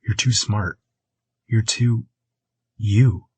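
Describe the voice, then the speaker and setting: A man voicing an earnest, husky young guy. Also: lowish voice, very slow, no room sound, exaggerated voice. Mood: subdued. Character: earnest young man, blustering but self-doubting.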